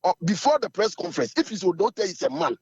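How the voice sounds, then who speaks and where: A Ghanaian man with a hoarse voice, the chairman of a supporters' group, talking in an assertive, fiery way in an interview. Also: high voice, sing-song, fast, a little mellow, no echo, dull audio.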